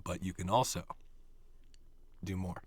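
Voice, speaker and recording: Man, guest actor, animated and profane storyteller, lowish voice, dry close sound. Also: unhurried, breathy edge, no room sound. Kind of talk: casual storytelling.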